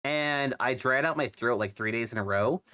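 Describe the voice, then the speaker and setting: A man's voice: mid-range voice, normal speed, sharp tone, clean tone. Sick young man chatting on stream. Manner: rambling, with many fillers and restarts. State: sick, coughing and congested. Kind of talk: casual chat.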